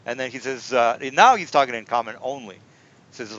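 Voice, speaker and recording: Rambling game master, muffled recording. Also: male voice, mid-range voice, fairly quick, a bit bright. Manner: rambling, repeats himself, many fillers. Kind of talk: narrating a tabletop game. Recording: dull lo-fi recording.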